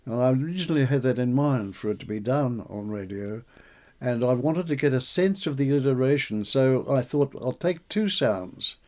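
A man's voice: medium pitch, fairly quick, darkish tone. A man, a poet and translator, talking in an interview about his translation of a medieval poem and reciting lines aloud with animation. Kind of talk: conversational interview.

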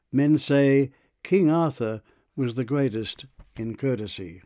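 A man reading a verse translation aloud in a slow, measured recital. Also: mid-range voice, no room sound, muffled recording.

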